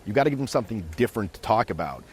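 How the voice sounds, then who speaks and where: Dating coach, male, low voice, animated and casual, recorded outside with faint street noise. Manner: animated, acts out quick scenes. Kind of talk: casual instructional talk. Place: outdoors in a city.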